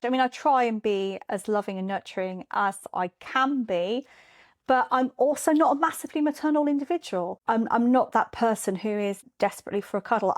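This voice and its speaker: A woman, telling parenting stories in a candid, animated conversation. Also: fairly high pitch. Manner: animated storyteller, acts out quoted voices. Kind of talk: candid casual chat.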